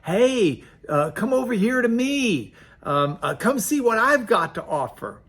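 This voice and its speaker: A man voicing a loud, seductive foolish woman who coaxes passersby in a sing-song way. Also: fairly high pitch, very slow, pitched above the performer's own voice. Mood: coaxing.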